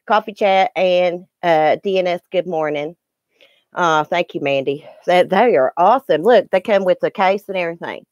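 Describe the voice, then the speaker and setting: A woman's voice: on the low side, moderate pace, no room sound, dull audio. A middle-aged woman, chatting emotionally and ramblingly to viewers in a morning live stream, recorded on her phone.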